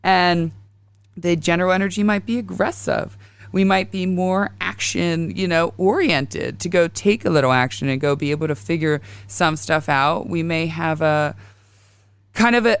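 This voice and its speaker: Gravelly-voiced woman, rambling podcast chat. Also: lowish voice, no room sound. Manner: rambling, confessional storytelling. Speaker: podcast host. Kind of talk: casual astrology podcast talk.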